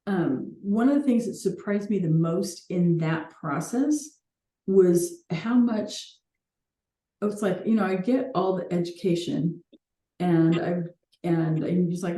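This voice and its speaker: A woman's voice: fairly low pitch, animated, slow, warm tone, echoey room. A woman hosting a coaching call, talking earnestly and reflectively with light laughs now and then.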